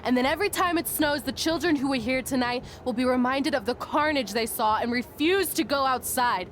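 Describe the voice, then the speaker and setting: A woman's voice: high-pitched, fairly quick, a little hiss or hum, close to an everyday voice. A woman playing a hotheaded young wrestler. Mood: menacing. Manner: cheerful, flaring into menace. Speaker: wrestling trainee. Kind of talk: video game cutscene acting.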